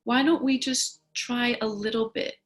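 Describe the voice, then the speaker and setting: A woman voicing a patient mother who gently coaxes her young daughter. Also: on the high side, steady tone, a little slow, voice pushed up, close to an everyday voice. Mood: gentle. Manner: gentle and coaxing.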